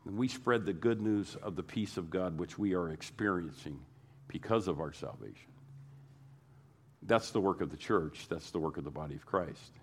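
A man's voice: sits low, normal speed, a little hiss or hum. A man preaching a sermon to his congregation, repeating phrases and building emphasis as he goes. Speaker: pastor.

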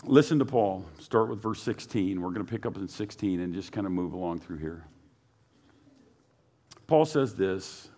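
A man's voice: fairly low pitch, lively intonation, normal speed, darkish tone. Man preaching a sermon. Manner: preaching with rising rhetorical questions. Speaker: pastor.

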